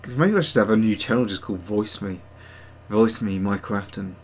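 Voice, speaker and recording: A man with a slightly rough voice on the low side talks at normal speed while hosting a digital sculpting stream. Chatting loosely, he reads viewers' messages out and makes fun of himself.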